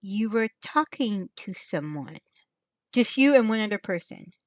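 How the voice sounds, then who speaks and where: A woman's voice: mid-range voice, lively intonation, unhurried, no echo. A woman hosting her own stream in a loose, rambling chat. She thinks aloud, drifts off mid-thought and circles back. Her voice sits in a middle register, and the sound is dry and a little muffled. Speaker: channel host. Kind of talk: rambling casual livestream chat.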